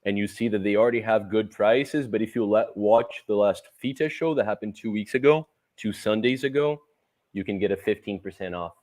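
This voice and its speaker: A man co-hosting a casual football podcast, relaxed and friendly, a little hesitant, with a first language other than English. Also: lowish voice, brisk. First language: not English. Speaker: podcast co-host.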